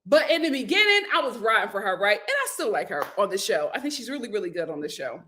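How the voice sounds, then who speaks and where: A woman hosting a casual vlog, recapping a reality show with animated, opinionated commentary and frequent laughter. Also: mid-range voice, fast talker, a little hiss or hum.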